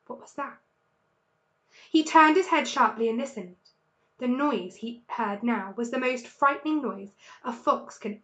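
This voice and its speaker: An English woman reads a children's chapter book aloud to her pupils, expressive and lively in her storytelling. Her voice sits somewhat high. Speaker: teacher reading to pupils.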